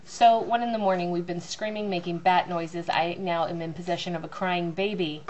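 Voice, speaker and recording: A woman's voice: fairly low pitch, fairly even intonation, normal speed, lo-fi sound. A woman telling a long, rambling, self-mocking story about her family at home. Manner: chatty, self-mocking, acts out loud voices.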